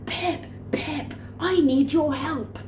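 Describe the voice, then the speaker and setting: A woman's voice: sits high, takes it slowly, a little mellow, reverberant, far from the mic, a little hiss or hum, voice pushed up. A woman voicing her flustered farmer boss, a man who pleadingly repeats himself. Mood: urgent. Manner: insistent, repetitive pleading.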